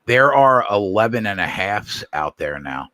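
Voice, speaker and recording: A man's voice: on the low side, very animated, measured pace, pushed and bright, dry recording, studio quality. A man hosting a casual sports betting chat, blunt and swearing casually. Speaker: show host.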